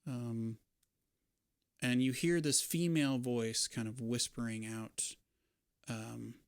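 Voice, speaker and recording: A man narrating a tabletop role-playing game as dungeon master, relaxed, with pauses and fillers. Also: mid-range voice, clean tone, no echo, clean studio sound.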